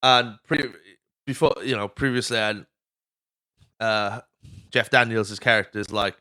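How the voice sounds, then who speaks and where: A man's voice: lowish voice, fairly even intonation, normal speed, pauses often, bright, forceful tone, clean tone. A Welsh man hosting a podcast, casually rambling through a film recap, swearing freely and acting out lines. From Wales. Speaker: podcast host. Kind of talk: casual movie recap monologue.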